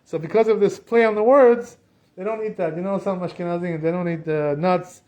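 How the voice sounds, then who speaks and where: A man's voice: high-pitched, fairly even intonation, brisk, lo-fi sound. A man teaching as a rabbi in a synagogue, in a casual, chatty way, filling his talk with "you know". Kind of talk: casual spoken class.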